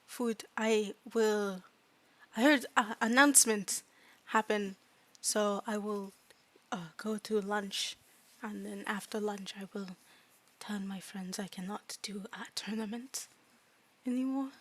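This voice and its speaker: A woman's voice: mid-range voice, steady tone, takes it slowly, pauses often. Woman playing a tiny earnest fairy with broken speech. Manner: broken grammar, dropped articles, hesitant; often drops to a quiet whisper. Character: tiny timid fairy student, earnest, new to language. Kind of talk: tabletop role-play.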